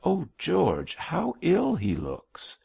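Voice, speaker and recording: A man's voice: lowish voice, sing-song, unhurried, creaky, a little mellow, breathy edge, dull audio, voice pushed up, exaggerated voice. A man playing a demure young lady. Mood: reproving. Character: demure proper young woman.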